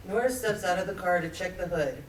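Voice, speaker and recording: A woman reading stage directions aloud in a plain, even way during a play reading, recorded from across a theatre. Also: lowish voice, fairly quick, slight background noise. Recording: roomy theatre, mic far off.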